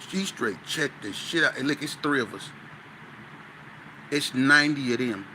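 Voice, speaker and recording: A man, a guest on an interview show, telling a story in an animated, slang-heavy way with stuttering restarts. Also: mid-range voice, moderate pace, background noise.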